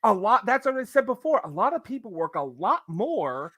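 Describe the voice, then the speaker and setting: Male podcast host, lively and opinionated, dry close sound. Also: sits high, normal speed, no echo. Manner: animated, ranting, breaks into impressions. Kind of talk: casual opinionated chat.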